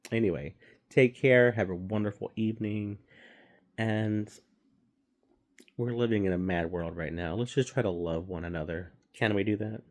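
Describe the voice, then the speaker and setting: A man's voice: fairly low pitch, steady tone, normal speed. A man giving a casual, rambling movie review, swearing freely and stumbling through fillers and restarts.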